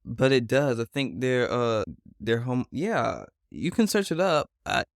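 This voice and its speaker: A man's voice: mid-range voice, big pitch swings, unhurried, creaky, dry recording. Young guy hosting a podcast, playful, keeps asking questions, dry close mic. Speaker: podcast host. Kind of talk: casual podcast chat.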